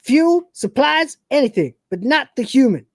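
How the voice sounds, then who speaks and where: High brash cat-man, cocky and streetwise, a woman puts him on, dry close sound. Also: big pitch swings, moderate pace, no echo, full character voice. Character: cocky swaggering male humanoid cat.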